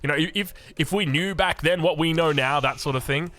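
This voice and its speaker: A man with an Australian accent casting a strategy game in excitable, chatty commentary. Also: fairly high pitch, moderate pace. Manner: excitable, animated, chatty, laughs often. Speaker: game caster.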